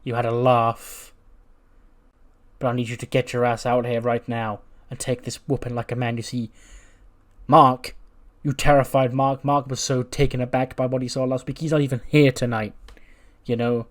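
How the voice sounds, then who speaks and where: A man voicing a brooding, fed-up male wrestler who speaks deliberately and with menace. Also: mid-range voice, little pitch movement, natural voice.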